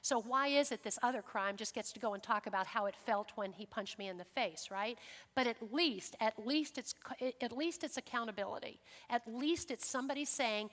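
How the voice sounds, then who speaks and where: A woman speaks as a guest lecturer. She tells lively stories and acts out the lines of the people in them. Her voice rings through a large church hall with a long echo. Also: a little high, normal speed. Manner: lively storytelling, acts out quotes. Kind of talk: lecture talk with questions.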